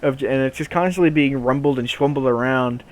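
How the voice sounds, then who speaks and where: A young man casually telling a funny story on a podcast, in an animated way with lots of laughing and fillers. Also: mid-range voice, brisk. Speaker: podcast co-host.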